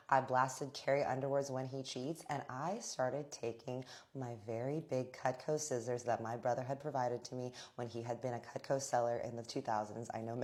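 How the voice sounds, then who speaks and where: A woman's voice: a bass voice, darkish tone. A woman hosting a storytime vlog, telling a dramatic personal story with vivid, profane language and calling her viewers y'all.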